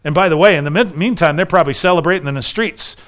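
A middle-aged man preaching a sermon, telling a story with animated voices for the figures. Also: a little high, quick pace. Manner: animated storytelling, acts out dialogue. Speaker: pastor.

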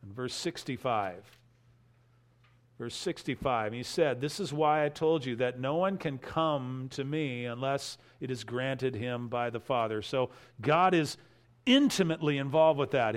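A man preaching an expository sermon, emphatic, repeating key phrases and swinging between loud stresses and quiet asides. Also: medium pitch, measured pace. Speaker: pastor.

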